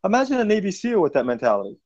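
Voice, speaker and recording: A middle-aged man with a high-pitched, darkish voice talks very fast, his pitch swinging hugely. He hosts a casual podcast chat about martial arts, telling stories and acting out jokes in character voices. The audio is dull and lo-fi.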